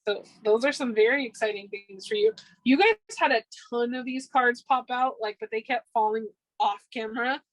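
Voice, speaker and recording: A woman's voice: a little high, animated, moderate pace, no echo, low-quality recording. A woman giving a casual pick-a-card tarot reading, upbeat and chatty, with frequent ums. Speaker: tarot reader.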